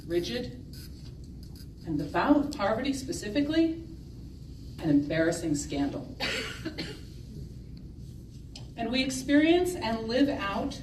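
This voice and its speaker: A woman giving a humorous, self-deprecating talk to an audience of sisters, often laughing at her own stories. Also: mid-range voice. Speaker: speaker at a gathering of sisters. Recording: echoey hall from far off with noise.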